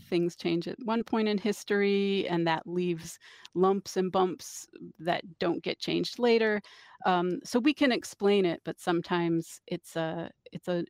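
A woman's voice: lowish voice, dry recording, clean studio sound. Thoughtful woman linguist explaining. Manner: explanatory, thoughtful, with fillers and restarts. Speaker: linguist and author, guest. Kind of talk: radio interview.

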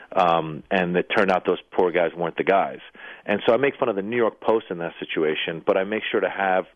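A man's voice: low-pitched, no echo. A man, a comedian and actor, telling stories as a guest in a radio interview and acting out the voices of people he quotes. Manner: anecdotal, acts out quoted voices. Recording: tinny phone-line sound, dry.

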